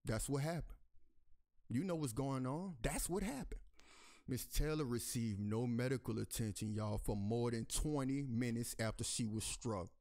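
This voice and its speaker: A man's voice: moderate pace, darkish tone. A man reads a news article aloud and keeps stopping to rant at his audience in heated, profane bursts. His voice sits in an ordinary middle register but leaps sharply upward whenever he gets outraged. He calls out to his listeners as y'all over and over. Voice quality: pitch jumps high when outraged. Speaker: commentary channel host. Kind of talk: angry commentary reading a news article aloud.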